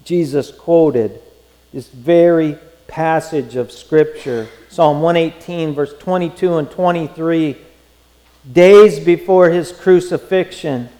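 A man preaching a sermon, emphatic and rising to near-shouts in his pleas. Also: fairly high pitch, takes it slowly, in a large hall, rough recording. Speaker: pastor.

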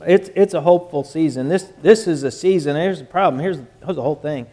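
Male pastor, folksy and joking, a slightly higher voice, casual conversational sermon. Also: fairly quick, mellow. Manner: folksy and joking, with many restarts.

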